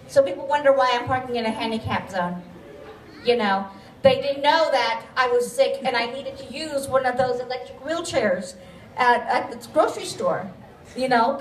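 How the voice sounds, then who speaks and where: A woman with grandchildren giving a candid, chatty talk at an event, often out of breath and gently joking. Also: high voice, far from the mic, a little hiss or hum. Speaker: patient speaker. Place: event venue. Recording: echoey hall, mic from afar.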